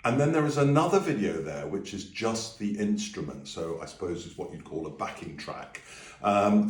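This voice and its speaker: A deep-voiced man leads a relaxed singing lesson, explaining each step and singing lines to demonstrate. The room is echoey and he sits a little back from the mic. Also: recorded from a distance. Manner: friendly, easygoing explanations with sung demonstrations. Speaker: music teacher. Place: room with a piano.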